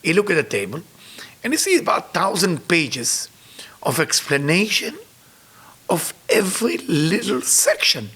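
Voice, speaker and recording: A male spiritual teacher telling a story in broken English, his voice gravelly and husky. His pitch rises and falls a lot, with a bright edge. He sounds emotional and earnest. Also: huge pitch swings, a little slow. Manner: emotional storyteller, non-native grammar. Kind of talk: storytelling sermon.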